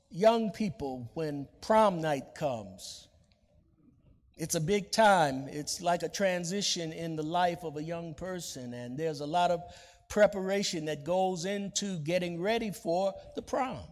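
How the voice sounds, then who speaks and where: A male pastor preaching a sermon with a deliberate cadence, drawing out the words he stresses. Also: sits high, a little mellow, in a large hall.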